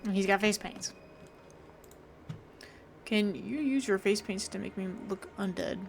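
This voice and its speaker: Brief: woman let's-play host, relaxed, reads the game's detective lines plainly in her own voice. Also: mid-range voice, unhurried, creaky. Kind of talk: reading game dialogue aloud while playing.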